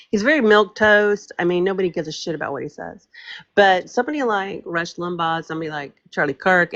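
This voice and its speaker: A woman's voice: lowish voice, a bit bright, dry recording. A woman with a mid-range voice who argues bluntly, with biting sarcasm and plenty of swearing. Her audio comes through muffled and lo-fi. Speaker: panelist. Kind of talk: heated panel debate on a live stream.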